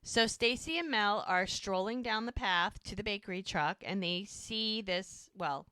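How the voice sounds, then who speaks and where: A woman's voice: medium pitch, unhurried, clear, resonant tone. A woman co-hosting a podcast, recapping a TV episode in casual chat and acting out the characters' lines as she goes. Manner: animated retelling, acts out the characters' lines. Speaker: podcast co-host.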